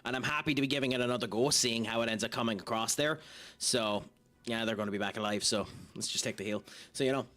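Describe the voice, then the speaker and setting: A young man streams a game, speaking fast at medium pitch in a bright, forceful tone. He chats casually, laughs at himself, and uses a lot of fillers throughout the live commentary.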